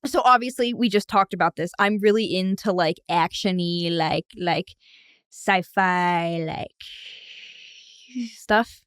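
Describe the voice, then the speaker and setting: A woman's voice: on the low side, slow, fairly bright tone, smooth, dry recording, clean studio sound. A young adult woman co-hosting a casual podcast chat, rambling through a made-up story with lots of "like" and restarts. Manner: rambling storytelling, heavy use of "like". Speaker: co-host.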